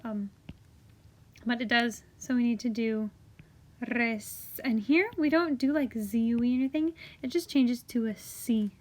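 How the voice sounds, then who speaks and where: A young woman teacher walks her class through a grammar chart, chatty and encouraging. Her voice sits a little high, and she talks at an unhurried pace, often trailing into soft whispered asides while she writes. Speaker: Spanish teacher. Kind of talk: classroom video lesson.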